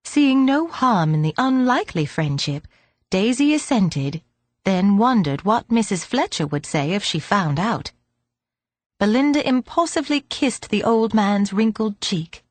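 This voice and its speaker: A woman narrating an audiobook in a gentle, measured storytelling manner. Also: medium pitch, animated, dry recording. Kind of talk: scripted narration.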